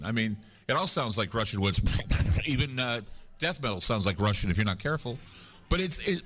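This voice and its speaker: A man's voice: medium pitch, fairly bright tone. A man guesting at a paranormal conference, telling long rambling stories with jokes at his own expense. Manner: rambling, joking, self-deprecating storyteller. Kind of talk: casual chat. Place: live at a conference.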